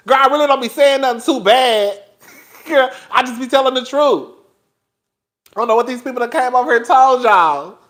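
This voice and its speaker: High-voiced man, sassy laughing gossip. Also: fairly quick. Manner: laughing, animated, profane, sassy, talks to the chat as "girl". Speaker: YouTube commentary host. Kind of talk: casual gossip commentary.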